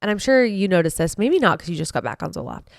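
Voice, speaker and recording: A woman's voice: on the low side, animated, quick pace, vocal fry, no echo, studio quality. Chatty woman telling a long story. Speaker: podcast co-host. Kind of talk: casual chat.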